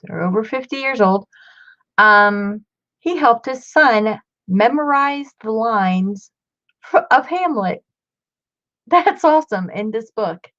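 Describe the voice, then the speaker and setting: A woman in her fifties, chatty and excitable, showing off old books in a casual vlog. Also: fairly high pitch, takes it slowly. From Ohio. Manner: chatty, excitable, muttering asides. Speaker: book collector vlogger. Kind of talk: casual show-and-tell. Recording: dull lo-fi home recording.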